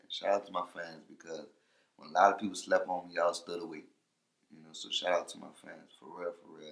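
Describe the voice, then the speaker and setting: A man with a very low voice talks through an interview in a relaxed, rambling way. He keeps coming back to "for real" and "you know", and his voice gets louder when he gets going. The sound has a noticeable room echo. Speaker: rapper, interview guest. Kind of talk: casual interview talk.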